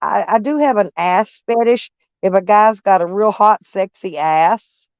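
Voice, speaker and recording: A woman's voice: medium pitch, measured pace, smooth, no echo. Blunt drawling woman. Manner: blunt, drawling, repeats herself. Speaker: van life vlogger. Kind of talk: casual live-stream chat. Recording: dull lo-fi sound.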